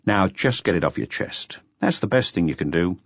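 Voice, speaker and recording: A man's voice: deep voice, animated, moderate pace, vocal fry, dry recording, heavily acted. A man voicing an impatient middle-aged police chief inspector, interrogating bluntly and at times coaxing like a father. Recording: slightly dull lo-fi audiobook recording.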